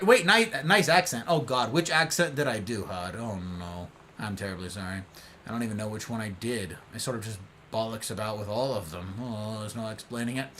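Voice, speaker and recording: A man's voice: fairly high pitch, big pitch swings, normal speed, sharp tone. A young man chatting casually with his live-stream viewers, playful and theatrical, with old-fashioned turns of phrase.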